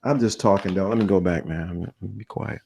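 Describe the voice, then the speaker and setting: A man's voice: sits low, fast, mellow, highs cut off, soft background music. A man co-hosting a podcast, talking in an emphatic, preachy way. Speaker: podcast co-host. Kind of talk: casual podcast talk.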